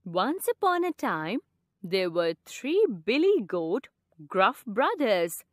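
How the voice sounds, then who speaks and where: A woman narrating a children's storybook in a slow, expressive, sing-song manner. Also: mid-range voice, dry recording, studio quality.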